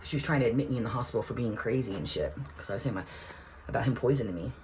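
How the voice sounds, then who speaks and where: A woman vlogger telling a personal story in a heated, profane, rambling way. She keeps restarting her sentences and swings between hushed asides and near shouting. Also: a bass voice, animated, racing, slight background noise, rough recording. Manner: rambling with many restarts and fillers.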